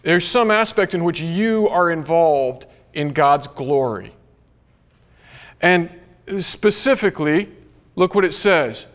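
A man preaching a sermon, earnest and emphatic, slowing down to stress key phrases. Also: on the high side, expressive. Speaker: pastor. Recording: long hall reverb.

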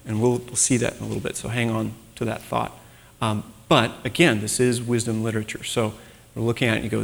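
A man's voice: lowish voice, little pitch movement, fast talker, gravelly. A man preaching a sermon in a conversational way, acting out the voices he quotes. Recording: long reverb.

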